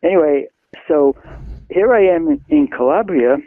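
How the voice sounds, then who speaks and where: A man's voice: a little high, animated, normal speed. An older man, a poet from New York, telling anecdotes in a casual interview, chuckling as he goes. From Queens, New York. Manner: chuckling anecdotal storyteller, acts out quoted voices. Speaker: poet and author, interview guest. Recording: dry, phone-like line.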